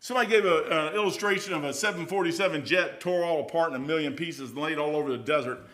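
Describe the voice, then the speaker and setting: Male preacher, bright, slightly high voice, folksy delivery that swings from loud to hushed. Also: fast. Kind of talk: informal sermon.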